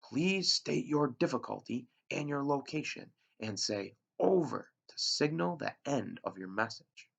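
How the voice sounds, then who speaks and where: A man's voice: medium pitch, lively intonation, measured pace, vocal fry, hardly any pauses, dull audio, pitched above the performer's own voice. A man voicing an adult male radio operator who speaks in clipped radio procedure. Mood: instructing.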